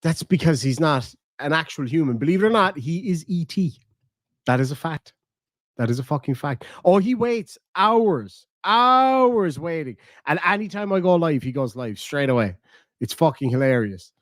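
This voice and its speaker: A man's voice: a little high, expressive, normal speed, no echo, clean studio sound. An Irish man hosting a live stream, mocking a rival with profane, jokey banter. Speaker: live-stream host reacting to clips. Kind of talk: casual live-stream commentary.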